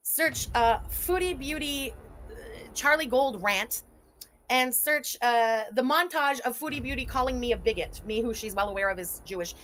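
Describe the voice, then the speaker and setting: A woman's voice: on the high side, fairly bright tone. A woman hosting a livestream reaction commentary. She is chatty and sarcastic and laughs often. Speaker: commentary channel host.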